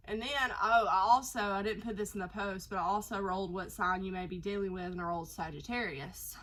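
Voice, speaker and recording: Brief: woman tarot reader, congested nasal voice, relaxed rambling delivery, mid pitch. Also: a little fast, slight background noise, rough recording. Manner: chatty, rambling, lots of fillers. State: nasal from a cold. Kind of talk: casual tarot reading to camera.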